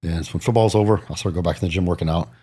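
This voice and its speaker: A man in his forties tells his stories at a brisk clip, in a very deep and husky voice. He is animated and acts out the other people in his stories. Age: 40s. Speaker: guest, bodybuilder. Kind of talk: casual storytelling interview.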